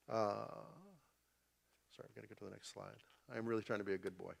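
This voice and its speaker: A man's voice: fairly low pitch, quick pace, vocal fry, long pauses. A man teaching an informal Bible class in a church. He is chatty and keeps checking in with the class as he goes.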